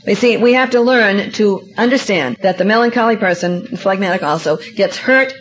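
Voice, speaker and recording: A middle-aged woman giving a seminar talk, telling personal stories in an animated, self-mocking and emphatic way. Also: mid-range voice, a little fast. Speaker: seminar speaker. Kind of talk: lecture with personal anecdotes. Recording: dull lo-fi recording.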